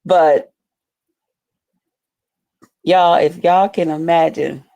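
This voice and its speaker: A YouTuber with a lowish voice speaks extremely slowly as she tells her viewers a story in a casual vlog. She's animated, curses freely, and calls her audience "y'all."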